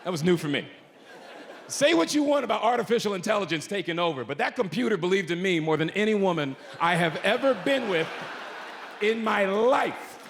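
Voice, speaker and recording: Male comedian, high pitch, gravelly, lively delivery, live hall echo, faint noise. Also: fairly quick. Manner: animated, swings between low mutters and high shouted outbursts. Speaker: stand-up comedian. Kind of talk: stand-up comedy storytelling. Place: comedy stage in a large hall.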